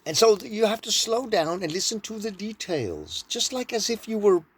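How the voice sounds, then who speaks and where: A man's voice: sits high, sing-song, moderate pace, slightly rough. A man from Denmark with a Danish accent, rambling playfully through a personal monologue. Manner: playful, drifts into mock accents and silly sounds. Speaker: vlogger.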